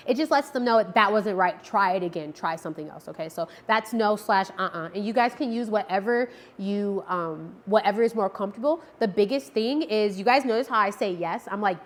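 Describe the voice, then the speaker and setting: A woman dog trainer giving a casual lesson to camera, checking in often with a quick "okay?" and acting out her cue words in lively tones. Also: mid-range voice. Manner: friendly, repeats "okay?" to check understanding; acts out marker words with lively tone changes. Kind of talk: casual instructional talk to camera.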